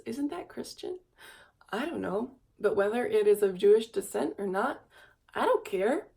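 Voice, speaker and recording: A woman's voice: vocal fry, a little mellow. A young woman in her twenties, tired, talking in a rambling, wistful confessional vlog to a camera mic. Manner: rambling and wistful, coos in a high baby voice. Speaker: vlogger.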